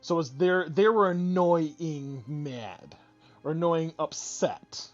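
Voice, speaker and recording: A woman's voice: low voice, takes it slowly, dull audio, faint music behind. A woman streaming a game, chatting casually with viewers in a playful, talkative way with frequent restarts. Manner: chatty, playful, answers chat, hesitant restarts. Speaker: streamer reading game dialogue. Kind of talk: casual live-stream chat and voiced dialogue reading.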